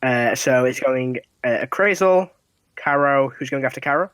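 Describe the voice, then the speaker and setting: A man's voice: mid-range voice, normal speed, fairly bright tone, clean tone, dry recording. A man running a tabletop game as dungeon master, narrating scenes casually with fillers and laughs.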